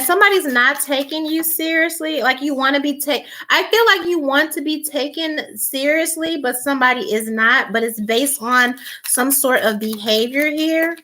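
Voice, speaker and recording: A woman's voice: high voice, sharp tone, slight background noise. A woman doing a casual tarot reading, rambling with many fillers and restarts, blunt and teasing. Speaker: tarot reader.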